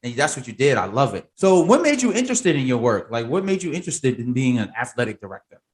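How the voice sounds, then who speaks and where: Male host, hypes the guest, emphatic, mid pitch. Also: big pitch swings, quick pace. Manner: enthusiastic, emphatic, encouraging. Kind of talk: casual interview.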